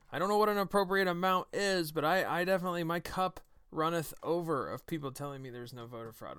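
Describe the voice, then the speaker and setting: A man's voice: sits high, fairly bright tone, clean tone, dry recording, studio quality. A man hosting his own podcast, delivering a combative, sarcastic political commentary monologue. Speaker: podcast host.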